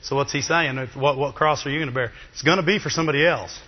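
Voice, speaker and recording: A man preaching a sermon in a lively, chatty way, with asides to the congregation. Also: fairly high pitch, fast talker, slightly rough. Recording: dull, long reverb of a hall.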